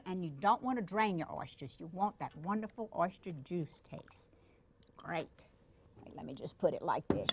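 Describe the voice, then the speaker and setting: Older woman, Cajun accent, warm chatty cooking host, low voice. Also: background noise. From Louisiana. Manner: chatty and affectionate, talks to the child while cooking. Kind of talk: cooking demonstration.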